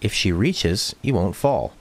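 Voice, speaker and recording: A man's voice: on the low side, animated, unhurried, a little mellow, slight background noise. A man streaming a video game, chatting casually, reading viewer comments and joking. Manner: playful, reads chat aloud and jokes. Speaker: let's play streamer.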